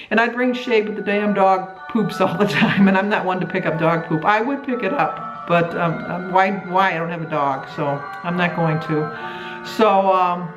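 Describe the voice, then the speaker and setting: A middle-aged woman from the United States chatting to camera in a weight-loss vlog, rambling and halting, with many restarts. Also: mid-range voice. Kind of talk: casual chat to camera. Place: a room at home. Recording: echoey room.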